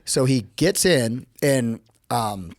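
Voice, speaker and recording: American guy spinning a yarn on a podcast, mid pitch, dry close sound, jumps up when quoting people. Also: slow, no echo. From United States. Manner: animated, acts out quotes with lively pitch jumps. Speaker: podcast guest. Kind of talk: casual storytelling.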